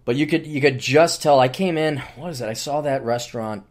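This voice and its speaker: A man's voice: medium pitch, a little fast. A middle-aged man hosting a podcast, ranting solo in a blunt, profane, sarcastic way. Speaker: podcast host.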